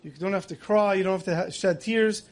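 A man giving a storytelling sermon, acting out quotes and dropping soft on emotional lines. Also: high-pitched, steady tone, a little fast. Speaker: rabbi giving a Tisha B'Av lecture.

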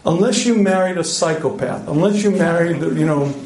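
A middle-aged man giving a joking, animated marriage seminar talk to a live audience, clearing his throat often. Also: on the high side, fairly quick. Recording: echoey hall.

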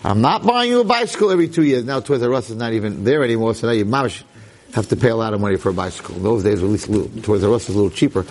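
A man giving a storytelling talk, animated and acting out voices, sprinkling in Yiddish and Hebrew words. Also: on the low side, racing. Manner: peppers his speech with Yiddish and Hebrew words. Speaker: lecturer.

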